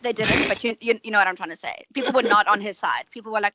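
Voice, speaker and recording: Brief: woman guest, bright tense voice, dry close sound, blunt and profane. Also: mid-range voice, quick pace, hardly any pauses, dry recording, dull audio. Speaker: musician guest. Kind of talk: casual chat.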